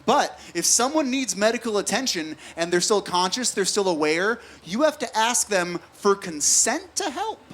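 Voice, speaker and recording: A man's voice: high voice, big pitch swings, normal speed, hardly any pauses, fairly bright tone. A young adult man from the United States doing a conversational stand-up comedy set at a live venue, laughing at his own jokes.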